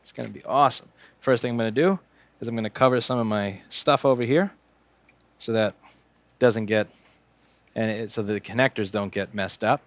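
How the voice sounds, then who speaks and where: A man in his late twenties chats through a live repair stream in a sarcastic, rambling, joking way. His voice sits on the low side. The sound is close and dry. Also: normal speed, pauses often, no room sound. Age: late 20s. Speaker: repair technician and stream host. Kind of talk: casual livestream chat while working.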